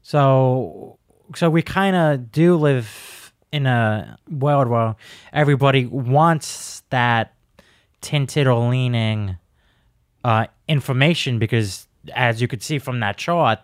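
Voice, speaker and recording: A man's voice: medium pitch, takes it slowly, dry recording, clean studio sound. A man co-hosting a podcast, chatting casually in a blunt, joking way. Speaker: podcast co-host. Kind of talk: casual chat.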